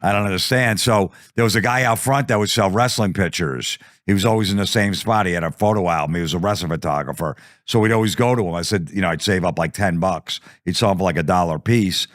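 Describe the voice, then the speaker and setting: A man's voice: sits low, fast talker, hardly any pauses, fairly bright tone, no room sound, studio quality. A man telling a profane comic story, acting out the quotes. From New Jersey. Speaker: comedian guest.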